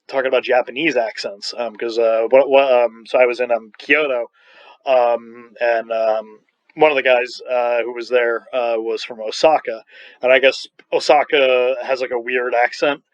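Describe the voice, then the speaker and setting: A man's voice: medium pitch, steady tone, normal speed, dry recording. A man from Long Island teaching a recorded online math lecture, enthusiastic and joking, wandering into rambling asides, with a slightly scratchy throat. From Long Island, New York. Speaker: math professor. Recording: dull, dry lo-fi recording.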